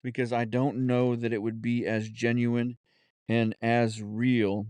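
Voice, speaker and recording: A man hosting his own podcast, talking off the cuff in an earnest, halting way with many restarts and fillers, and a Southern US accent. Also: mid-range voice, level tone, darkish tone, clear, resonant tone, no echo. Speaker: podcast host. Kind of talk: unscripted solo podcast talk.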